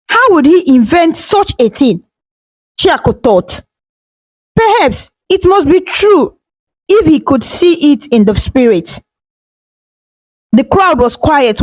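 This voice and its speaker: Woman narrating a folktale, high voice, lively melody, dry close mic. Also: no echo, low-quality recording. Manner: steady, dramatic storytelling. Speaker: storyteller.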